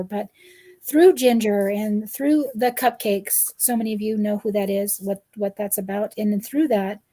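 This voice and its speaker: Woman guest, earnest and emotional, mellow tone, talks as a protective mom. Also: fairly high pitch. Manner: earnest, emotional, repeats herself. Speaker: guest parent. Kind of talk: heartfelt live-stream chat.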